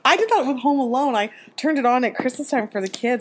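A woman in her forties co-hosting a casual podcast, giggly and expressive. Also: high voice, fast, very noisy. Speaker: podcast co-host. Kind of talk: casual chat.

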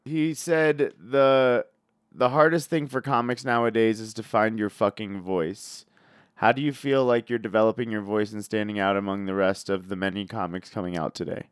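30s guy hosting, kinda low voice, smooth and easygoing, dry sound. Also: fairly even intonation, normal speed, dry recording. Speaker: podcast host. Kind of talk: casual interview questions.

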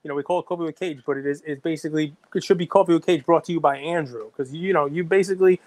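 A middle-aged man co-hosting a casual podcast, excitable and rambling. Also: fairly high pitch, very fast, no room sound. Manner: excitable, rambling, self-described runaway train. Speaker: podcast co-host.

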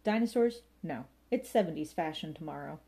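Lady playing a dry fussy publican guy, deadpan, a bit higher than her normal voice, mellow. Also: fairly quick. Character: dry, fussy male pub landlord.

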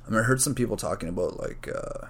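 A man with a slightly low voice talks alone on his podcast, drifting from one idea to the next. He swears freely, piles on filler words and figures things out as he goes. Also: quick pace. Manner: rambling, profane, thinks out loud. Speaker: podcast host. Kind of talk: casual solo podcast rambling.

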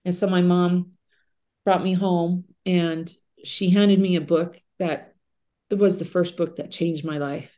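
Soft-toned woman telling a heartfelt story. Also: fairly low pitch, fairly even intonation, slow. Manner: earnest and conversational, with fillers. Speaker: podcast guest. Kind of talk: reflective personal storytelling.

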